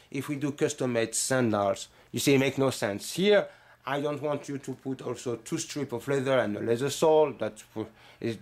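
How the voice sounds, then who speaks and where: A middle-aged man with a heavy French accent, a bootmaking instructor explaining his classes in an earnest, hesitant way with many fillers. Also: mid-range voice. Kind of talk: explaining classes in a promo walkthrough.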